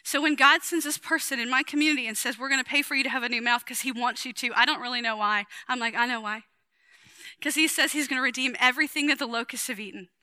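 A woman in her forties preaching to women in a chatty, emphatic way, with sudden loud bursts of energy. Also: sits high, fairly even intonation, fast, no room sound. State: sweating. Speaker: women's ministry speaker. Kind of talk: sermon.

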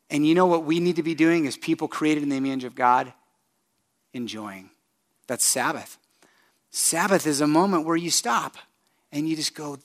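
An animated male pastor in full sermon mode, his fairly high voice dropping to a hush and then surging loud. He keeps putting direct questions to the congregation. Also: normal speed, pauses often. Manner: animated, shifts from hushed to loud emphasis.

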